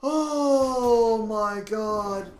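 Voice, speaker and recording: A man streaming a video game and commenting live, frustrated and sweary, ranting and sometimes yelling at the game. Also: very high voice, drawn-out words. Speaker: gamer streaming a match. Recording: echoey room with background noise.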